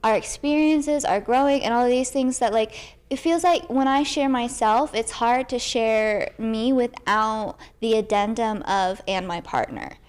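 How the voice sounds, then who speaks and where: A woman's voice: a little high, a little slow, smooth. A woman guest in a casual chat, rambling with lots of fillers.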